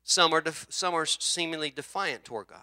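Male pastor, middle-aged, bright sharp tone, dry close sound, animated conversational sermon. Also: on the high side, a little fast, clear, resonant tone, no room sound. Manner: animated, conversational preaching with rhetorical questions.

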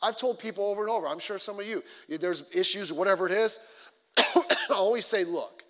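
A pastor preaching a midweek sermon in a conversational, animated way, acting out the quotes in his stories. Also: high-pitched, fairly quick. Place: church sanctuary. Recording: long reverb of a church hall.

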